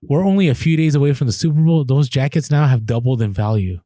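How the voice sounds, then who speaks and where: A man co-hosting a casual podcast, chatty and quick with asides, often restarting his sentences. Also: medium pitch, mellow, no echo, clean studio sound. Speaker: podcast co-host.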